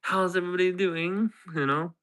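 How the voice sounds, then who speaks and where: Guy putting on a creepy old crypt ghoul, high cackly voice, slow and hammy, bright edge. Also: fairly even intonation. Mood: ghoulish glee. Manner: drawn-out theatrical cackle.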